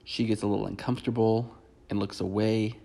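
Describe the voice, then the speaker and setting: A man's voice: fairly low pitch, flat delivery, fairly quick, gravelly, mellow. A man hosting a comedic breakdown of a reality show, talking in a sarcastic, mocking way. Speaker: comedy recap host.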